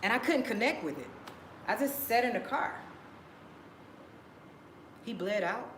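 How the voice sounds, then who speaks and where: A woman's voice: a little high, expressive, measured pace, a bit bright. Woman rambling through a story, echoey room. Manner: rambling, repeats phrases, emotional retelling. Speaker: vlogger. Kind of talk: casual personal storytelling. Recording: echoey room with background noise.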